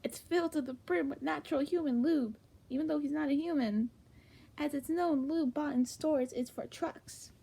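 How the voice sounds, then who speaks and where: A woman reading comedic fanfic aloud in a hushed, half-whispered voice with sudden jumps in pitch. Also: normal speed, creaky. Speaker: fanfic reader.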